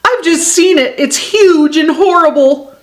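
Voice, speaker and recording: A woman voicing an excitable young male beaver in a storybook, eager and breathless. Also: very high-pitched, measured pace, voice pushed up. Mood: frightened.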